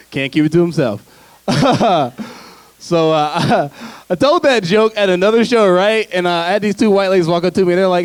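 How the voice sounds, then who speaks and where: A man's voice: high-pitched, animated, moderate pace, no room sound. A man performing a stand-up comedy set on stage, talking loosely and chatting with the crowd between jokes. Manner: loose, conversational delivery with frequent laughs and asides to the crowd. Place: theater stage before a live audience.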